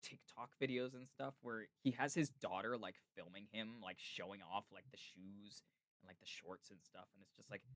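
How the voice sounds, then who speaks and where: A man's voice: fairly low pitch, steady tone, moderate pace, fairly bright tone, no room sound, clean studio sound. A man hosting a casual podcast chat, rambling and laid-back, peppering his talk with "like" and "dude". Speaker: podcast host.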